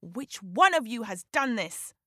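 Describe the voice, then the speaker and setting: Storybook lion: proud male king of beasts, growling and demanding, lively pitch, put on by a woman storyteller. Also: unhurried, no room sound, clean studio sound, exaggerated voice.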